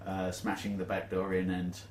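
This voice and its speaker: A man's voice: low-pitched, monotone, normal speed, echoey room, over a noisy crowd. A man playing a tabletop game, rambling and laughing as he recaps. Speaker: player. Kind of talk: casual chat.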